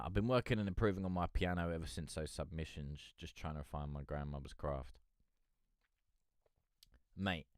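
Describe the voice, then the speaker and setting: A man from near London, England, chats casually on a live stream as a music reviewer, rambling, swearing and repeatedly calling people "mate." His low voice has a clear, resonant tone, recorded with studio quality and no echo.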